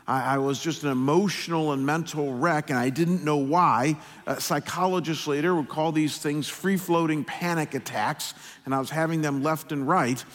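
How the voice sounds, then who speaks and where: Man, pastor, middle-aged, earnest slow sermon storytelling, reverberant church hall. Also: a little high.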